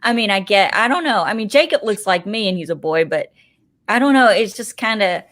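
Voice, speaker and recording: A woman's voice: mid-range voice, animated, brisk, fairly bright tone. A woman in her thirties chatting on a podcast, tearful and rambling as she tells a personal story. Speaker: podcast guest. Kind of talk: casual chat. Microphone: desk microphone.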